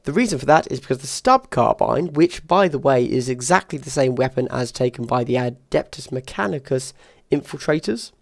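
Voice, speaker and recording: Gravelly-voiced man musing over game rules. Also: medium pitch, animated, dry recording, studio quality. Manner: chatty, weighs options out loud with quick asides. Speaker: tabletop wargame reviewer. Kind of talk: casual rules review, thinking aloud.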